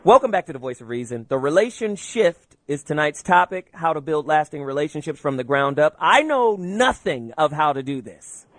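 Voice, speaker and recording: Lively male call-in radio host. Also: a little high, moderate pace, few pauses. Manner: animated, playful, laughs often. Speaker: radio talk show host. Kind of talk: casual call-in radio talk.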